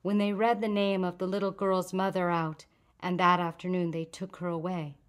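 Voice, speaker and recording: A soft, lowish female voice carrying quiet grief and bitterness. The figure is a refugee woman voiced by a woman reading a story aloud, speaking gently and with restraint. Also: flat delivery, normal speed, lightly acted. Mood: grieving. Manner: soft, hushed, controlled grief.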